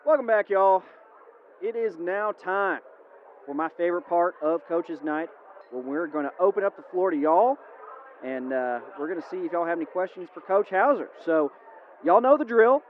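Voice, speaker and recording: A folksy man emceeing a comedy Q&A, drawling easy asides to the crowd. His voice is fairly high and comes through a tinny, phone-like line with faint hiss. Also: lively intonation, normal speed. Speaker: emcee host. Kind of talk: comedic live-show emcee.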